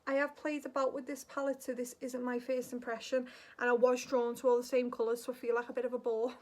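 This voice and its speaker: A woman's voice: a little high, flat delivery, quick pace. A woman chatting casually through a makeup tutorial. She is jokey and talks to herself while she works. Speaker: beauty vlogger.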